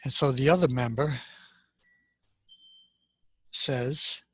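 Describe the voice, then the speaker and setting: Older guy telling a childhood story, husky bright voice, slow and gentle, dry sound. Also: mid-range voice, steady tone, no echo. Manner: gentle, unhurried, pausing often. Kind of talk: personal story, reflective monologue. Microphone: webcam on a video call.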